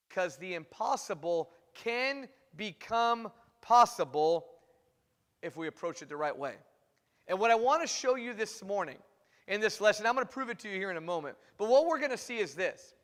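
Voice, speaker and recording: High-voiced man preaching in a reverberant hall. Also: expressive, normal speed, fairly bright tone. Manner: storytelling, acts out quoted voices. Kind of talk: sermon. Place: church sanctuary.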